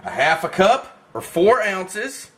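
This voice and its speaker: The host of a barbecue cooking channel, a folksy man with a high voice, speaks slowly. He's relaxed during this casual cooking demo, guiding viewers through each step.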